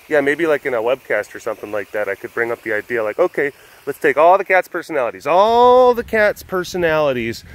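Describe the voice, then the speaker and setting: A man's voice: medium pitch, fairly bright tone, low-quality recording. Rambling self-mocking man vlogging. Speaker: host. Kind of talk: casual rambling monologue.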